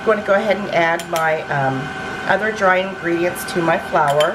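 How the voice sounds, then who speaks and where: A woman's voice: lowish voice, normal speed. A middle-aged woman hosting a casual home cooking demonstration in her kitchen, chatty, with frequent ums and restarts. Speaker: cooking show host. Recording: roomy echo, mic far off, noisy.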